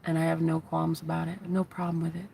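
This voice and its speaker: A woman's voice: low-pitched, little pitch movement, a little fast, vocal fry, dark tone, slight background noise. A woman in her thirties, a spiritual vlogger, giving a heated, profane, taunting rant to the camera. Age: 30s.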